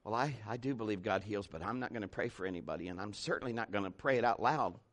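A man doing a timid churchgoer who hedges every word in a low, hushed mumble. The voice drops well under the preacher's own and turns quiet and quick. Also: natural voice. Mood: reluctant. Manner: reluctant, hedging mumble. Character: timid, passive male churchgoer.

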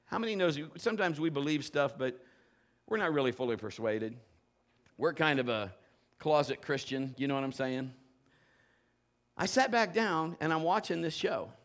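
High-pitched male preacher with a bright edge; excitable participation sermon to a live church. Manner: animated participation preaching, urging the congregation. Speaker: pastor. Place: church sanctuary with a congregation.

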